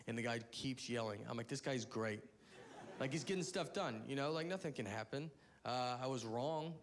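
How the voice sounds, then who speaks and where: A man's voice: mid-range voice, fast. Southern-born male comic, rambling storyteller, noise behind. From American South. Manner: rambling, self-interrupting storytelling. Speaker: stand-up comedian. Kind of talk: stand-up comedy routine.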